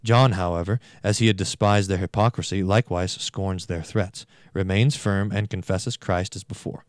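Guy reading an old sermon out loud, slow and emphatic, bit low, dry recording. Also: fairly even intonation, no room sound. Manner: measured, emphatic delivery with slowed Latin phrases. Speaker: reader.

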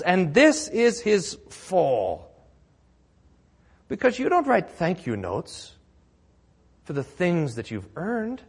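A man's voice: high voice, long reverb tail. A man preaching a sermon as pastor, telling the story with acted-out quotes and laughing along.

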